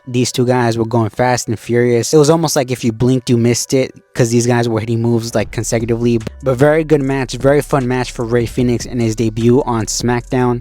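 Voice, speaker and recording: A man's voice: mid-range voice, darkish tone. A man hosting a casual spoken recap, talking loosely and conversationally with frequent fillers. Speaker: wrestling show recap host.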